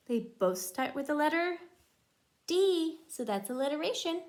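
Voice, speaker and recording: A woman's voice: high-pitched, lively intonation, moderate pace, darkish tone. A young woman reading a picture book aloud to young children as a teacher, in a sing-song way, stopping to explain words and make bird calls.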